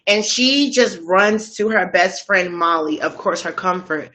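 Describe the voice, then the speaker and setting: A woman's voice: on the low side, unhurried, pushed and bright, low-quality recording. A woman casually recapping a true-crime story while eating, in a slangy, conversational way. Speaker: storytelling host.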